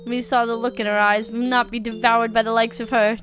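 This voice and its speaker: A woman's voice: fairly high pitch, little pitch movement, quick pace, a bit bright, faint music behind, natural voice. A woman reading aloud as a tiny rich moth fairy who talks in formal, old-fashioned phrases. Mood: alarmed.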